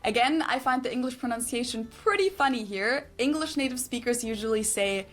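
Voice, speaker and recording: Woman explaining pronunciations, higher voice. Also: lively intonation, soft background music. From Germany. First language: German. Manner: clear, instructive, slowly models pronunciations. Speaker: video presenter. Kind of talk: explainer narration.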